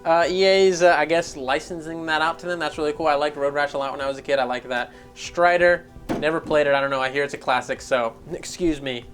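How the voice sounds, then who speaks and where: A man's voice: fairly high pitch, fairly even intonation, brisk, a bit bright, faint music behind. A man hosting a gaming news show, giving casual commentary in a profane, exasperated rant.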